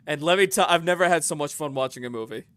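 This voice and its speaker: This man co-hosts a podcast in casual chat, with a voice sitting a little high for a man. He talks animatedly and laughs often, and the recording is dry and close. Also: quick pace, a bit bright, clear, resonant tone, dry recording. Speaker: podcast co-host.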